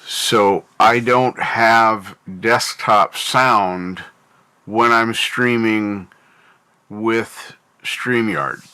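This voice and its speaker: A man's voice: fairly low pitch, drawn-out words, pushed and bright, clean tone. A North American man hosting a livestream, rambling casually and thinking aloud while he answers his chat. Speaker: livestream host.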